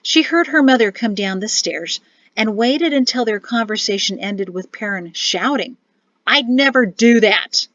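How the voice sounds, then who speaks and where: A woman narrating an audiobook with an expressive, even storytelling read. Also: medium pitch, moderate pace, no echo. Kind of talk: scripted narration. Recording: dull, dry recording.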